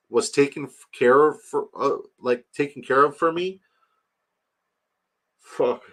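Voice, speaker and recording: A man's voice: mid-range voice, takes it slowly, pauses often, a bit bright. A man hosting a livestream, chatting loosely, swearing and talking straight to his chat. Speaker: livestream host. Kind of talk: casual chat.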